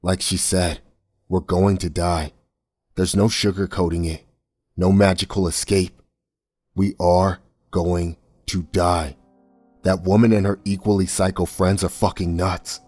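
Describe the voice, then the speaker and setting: A man's voice: low-pitched, little pitch movement, a little slow, darkish tone, no room sound, faint music behind. A man voicing a frightened, bitter young man who speaks harshly and rawly. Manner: harsh and raw, hissing.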